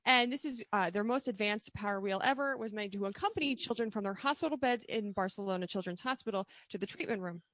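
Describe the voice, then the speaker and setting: A woman's voice: mid-range voice, a bit bright, no room sound. A woman co-hosting a casual podcast, telling stories in a chatty, rambling way. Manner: chatty, quick storyteller. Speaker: podcast co-host. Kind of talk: casual chat.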